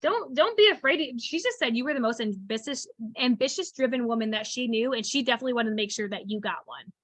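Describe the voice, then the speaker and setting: A woman coaching on a video call, chatty and animated, often acting out what to say on the phone. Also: on the high side, fast talker, no room sound. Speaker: sales coach.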